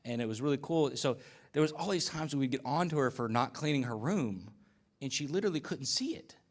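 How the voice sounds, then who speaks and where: A man's voice: mid-range voice, expressive, brisk. A man preaching a conversational sermon as pastor, telling stories in a casual, folksy way with asides and acted-out dialogue. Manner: uses y'all and folksy speech.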